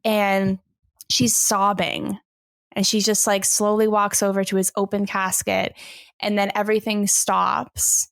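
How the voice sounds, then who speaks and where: A woman's voice: medium pitch, flat delivery, measured pace, gravelly, no room sound, studio quality. A woman in a casual podcast chat, retelling a film's sad scene with emotion and the odd swear word. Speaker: podcast guest.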